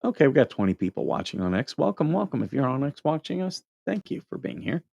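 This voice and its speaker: A man's voice: mid-range voice, big pitch swings, fast, creaky, a little mellow, no room sound, highs cut off. A middle-aged man, a Marine veteran, hosting a casual livestream, reading comments and telling joking stories. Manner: joking storyteller, laughs at own anecdotes.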